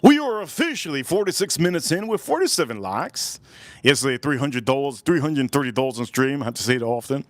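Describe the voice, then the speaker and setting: A man hosting a casual outdoor barbecue livestream, repeating himself and giving loud, excited shout-outs to his viewers. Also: medium pitch, brisk, no room sound. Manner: repetitive, hyped shout-outs to chat. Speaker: livestream host. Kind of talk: casual live-stream chat.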